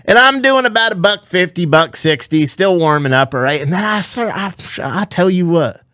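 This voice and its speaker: A man telling a gym story in a put-on Southern accent, excited and profane. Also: sits high, moderate pace, no room sound, studio quality. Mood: amused. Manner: excited, profane, laughing, animated. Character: himself as a worked-up Southern gym guy. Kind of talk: comic storytelling.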